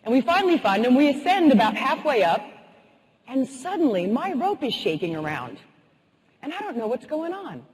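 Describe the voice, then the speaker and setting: Husky woman telling stories on a stage. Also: high voice, normal speed. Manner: lively, humorous, animated. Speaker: motivational speaker. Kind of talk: keynote storytelling. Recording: husky voice in a reverberant hall.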